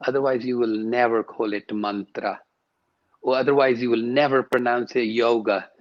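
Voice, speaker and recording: A man's voice: mid-range voice, flat delivery, brisk, muffled recording. A man, a yoga and sound teacher, speaking emphatically as a guest in an interview and repeating words to stress his points. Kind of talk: interview conversation.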